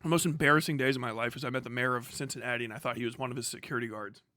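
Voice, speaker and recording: A man's voice: mid-range voice, steady tone, racing, pushed and bright, no room sound, studio quality. A young man live-streaming, swearing heavily in a heated, mocking rant. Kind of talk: profane ranting commentary on a live stream.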